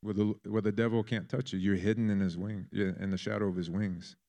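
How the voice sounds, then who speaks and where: A man preaching a sermon in a fervent manner, building to loud, emphatic peaks. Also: fairly low pitch, level tone, brisk.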